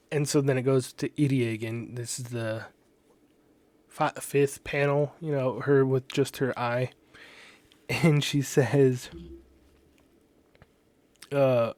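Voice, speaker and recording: A man casually talking through manga panels one by one and paraphrasing the characters' lines in a halting, chatty way. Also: medium pitch, a little mellow, no room sound. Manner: casual, halting, many restarts and fillers, paraphrases dialogue loosely. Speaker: manga translator and commentator.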